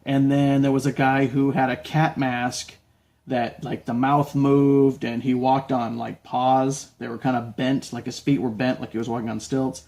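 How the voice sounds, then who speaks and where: A man's voice: medium pitch, normal speed. A man hosting a podcast, telling stories in a casual chat and acting out the people he quotes. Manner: animated, acts out quotes in shouts. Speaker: podcast host.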